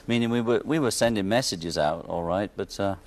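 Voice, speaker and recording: A man's voice: lowish voice, normal speed. A man from Liverpool with a Liverpool accent, a musician guest joking wryly on a television interview. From Liverpool, England. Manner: wry, joking, laughs often.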